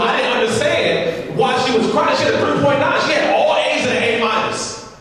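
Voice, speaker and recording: A man's voice: very high-pitched, moderate pace, a bit bright. A man giving a humorous, repetitive storytelling speech, talking straight to the audience, heard from far off in a large hall. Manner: humorous, repetitive, addresses the crowd directly. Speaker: motivational speaker.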